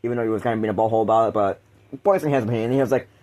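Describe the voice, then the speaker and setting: A man's voice: on the low side, rapid-fire, darkish tone. A man hosting a casual podcast chat, rambling with frequent laughs and restarted sentences. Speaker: podcast host.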